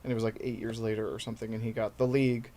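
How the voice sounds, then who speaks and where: A man's voice: on the low side, little pitch movement, racing, warm tone. A man in his thirties, a stand-up comedian guest telling his story in a rambling, self-deprecating way in casual podcast chat.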